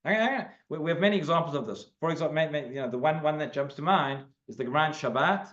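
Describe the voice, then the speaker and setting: A man as a rabbi teaching a class in a synagogue, explaining in an animated way and restarting his sentences often. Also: fairly high pitch, racing. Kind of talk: Talmud class, explaining and debating. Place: synagogue hall. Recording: lo-fi recording.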